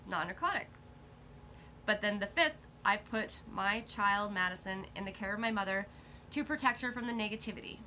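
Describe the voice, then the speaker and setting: Bright-voiced indignant mother. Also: medium pitch, slight background noise. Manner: indignant, rapid recounting of dates and events. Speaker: mother telling her family's story. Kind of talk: casual recorded conversation.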